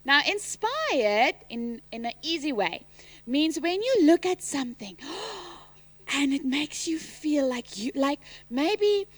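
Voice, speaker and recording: A woman teacher leading a school assembly into a microphone, animated and teasing, quizzing the pupils and calling out loudly at times. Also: sits high, takes it slowly, no echo.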